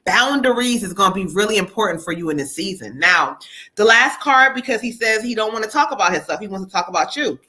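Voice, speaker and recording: A woman's voice: medium pitch, animated, quick pace, bright, forceful tone. A woman hosting a live-stream card reading as a psychic medium, chatty, laughing often and calling her viewers "child" and "y'all.".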